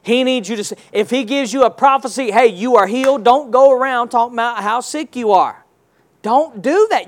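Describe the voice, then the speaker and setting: Man, pastor, very high voice, sermon, call-and-response, builds to loud bursts. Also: moderate pace. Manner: preaching with call-and-response, rising to loud exclamations.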